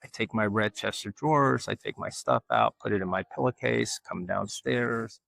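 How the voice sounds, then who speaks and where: Man, lowish gravelly voice, lively anecdotal interview guest. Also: normal speed, dry recording. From Alabama, US. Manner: animated storyteller, acts out quoted voices. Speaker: guest, artist. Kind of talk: casual storytelling interview.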